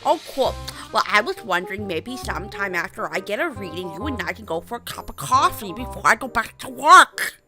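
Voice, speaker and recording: A woman's voice: mid-range voice, big pitch swings, fairly quick, over music, voice pushed down, natural voice. A woman voicing a pompous, entitled man who talks eagerly and whines when refused. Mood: pushy. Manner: eager and whiny, turning to shouting.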